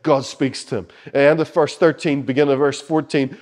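A man preaching a sermon as pastor, urging loudly at times and dropping to soft, hushed lines at others. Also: mid-range voice, steady tone, moderate pace. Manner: passionate, shifts between loud urging and soft hushed lines. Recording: long hall reverb.

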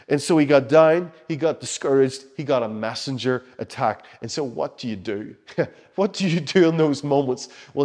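Impassioned male preacher in a reverberant hall. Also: a little high. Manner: passionate, shifts between loud urging and soft hushed lines. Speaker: pastor. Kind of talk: sermon.

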